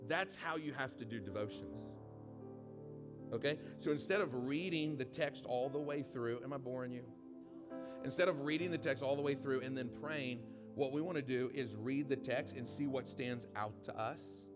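A pastor preaching a conversational sermon to a live congregation, often asking the room questions. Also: male voice, medium pitch, moderate pace, over music. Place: church hall with live audience.

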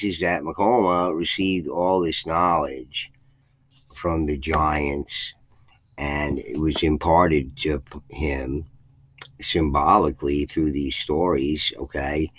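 A low-pitched male channel host reads a folk legend with archaic phrasing, getting louder whenever characters speak. He makes occasional slips and restarts, then moves into commentary. The audio is dry and of low quality.

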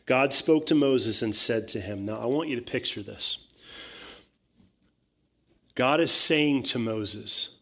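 Conversational pastor preaching a sermon. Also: male voice, on the low side, unhurried. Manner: conversational, acts out voices, builds to loud emphatic preaching.

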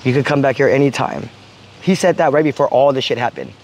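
A man's voice: mid-range voice, fast talker, darkish tone. A man telling a heated, profane story to his stream, quoting what he said. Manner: heated, profane, quotes himself. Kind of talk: casual storytelling.

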